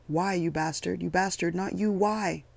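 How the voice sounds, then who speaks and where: Seething wounded war veteran, read by a man, higher and strained. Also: fairly quick, dark tone, lightly acted. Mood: furious.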